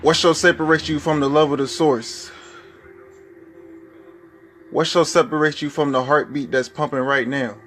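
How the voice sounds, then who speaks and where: A man's voice: fairly high pitch, fairly even intonation, normal speed, pauses often, a bit bright, faint music behind. A man preaching a spoken-word sermon, firing off fervent rhetorical questions.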